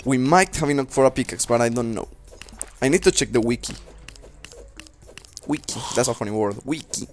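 A man's voice: medium pitch, expressive, fast, a little hiss or hum. A young man giving rambling casual commentary while playing a game, talking to himself and swearing at enemies. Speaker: let's play host. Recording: faint game music behind.

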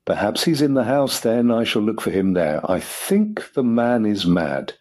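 A man's voice: fairly low pitch, very animated, a little slow, darkish tone, pitched above the performer's own voice. A man voicing a cold, stern schoolmistress who speaks in icy, clipped, disapproving tones. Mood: angry.

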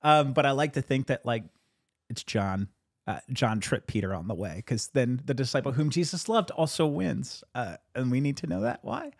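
Pastor, male, mid-pitched, lively swings in tone, laughy storyteller, dry close sound. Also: normal speed, no echo. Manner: animated storyteller, laughs often, jumps up in pitch for quoted voices. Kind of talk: casual conversation about a sermon.

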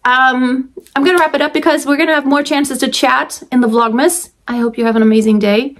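A woman's voice: sits high, steady tone, brisk. A woman talking casually to camera as a vlogger and mother of twins, chatty and rambling, often restarting and laughing.

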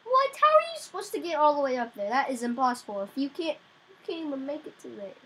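A young woman giving casual gameplay commentary, excitable, crying out in frustration now and then. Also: high voice, fast, slight background noise, poor audio. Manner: excitable, yelps and cries out in frustration. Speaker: gamer.

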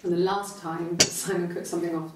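An actress playing a calm woman answering police questions in a video game, with soft, measured answers. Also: lowish voice, close to an everyday voice. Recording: distant echoey game audio with faint noise.

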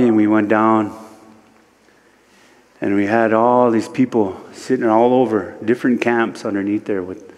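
A man from Standing Rock, a guest speaker at a church service, telling a spiritual story slowly, with many repeated "he said" lines. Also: fairly low pitch, darkish tone, big-room sound. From Standing Rock, United States. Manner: slow and repetitive, retelling speech with many "he said".

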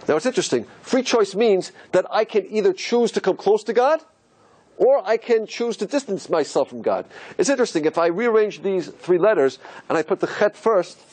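A rabbi leading a lecture with a husky, slightly raised male voice. His pitch swings widely as he poses question after question and then answers them himself. He sounds animated and thoughtful while he explains letters on a board. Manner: rhetorical questions, animated and musing. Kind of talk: teaching lecture.

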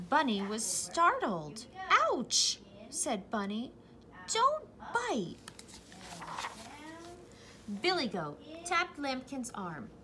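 A young woman who teaches preschool reads a picture book aloud to young children. Her voice is bright and sing-song, rising and falling a lot. She speaks slowly and encouragingly. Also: on the high side, slight background noise.

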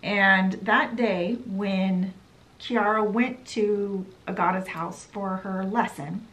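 A woman's voice: mid-range voice, steady tone, takes it slowly, fairly bright tone. A woman casually summarizing a book in a meandering way, with lots of fillers. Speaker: book vlogger.

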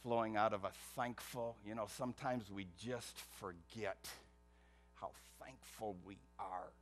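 A man's voice: lowish voice, steady tone, a little slow, faint music behind. A man preaching a sermon as pastor, emphatic, with rhetorical questions. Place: church.

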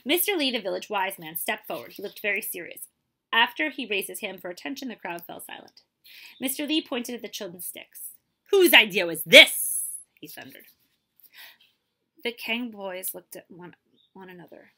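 Bright-voiced librarian reading a picture book. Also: female voice, medium pitch, fairly quick. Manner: lively storytelling, asks children questions. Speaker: librarian reading aloud to children. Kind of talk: picture-book read-aloud.

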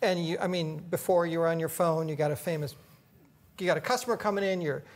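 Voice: mid-range voice, quick pace. A host interviewing a chef casually, chiming in with short agreements and asking long, rambling questions.

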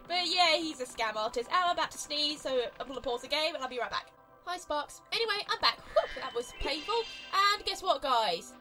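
A young woman with an exaggerated British accent giving chatty, excitable gameplay commentary as a let's play host. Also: high-pitched, brisk, faint music behind.

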